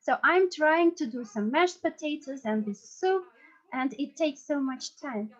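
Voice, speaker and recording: A woman telling a personal memory as a disciple at a devotional gathering, in an earnest, halting way with frequent restarts. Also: sits high, lively intonation, highs cut off.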